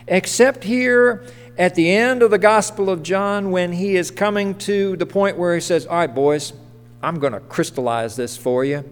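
A man gives a sermon in a church, talking plainly and often asking questions of the people in the pews. His voice sits a little high for a man. The sound has a long reverb off the walls of the hall. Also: steady tone, moderate pace, smooth, soft background music. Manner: conversational, asks the congregation questions. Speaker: pastor. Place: church sanctuary.

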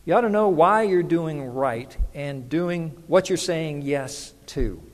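A man with a high voice preaches a sermon, talking to the congregation in an easy, conversational way and often asking them questions. His voice rings with the long reverb of a large hall. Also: takes it slowly.

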